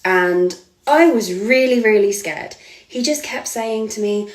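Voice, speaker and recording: A woman's voice: medium pitch, measured pace. Earnest woman in an echoey room. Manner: earnest, hesitant, with frequent ums and restarts. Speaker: model. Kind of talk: personal account to camera.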